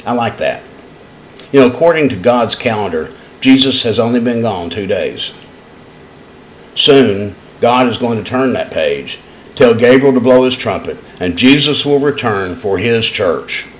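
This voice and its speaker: A man's voice: medium pitch, animated, measured pace, slight background noise. A man preaching a sermon in an East Tennessee accent, telling folksy stories in an earnest way. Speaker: pastor.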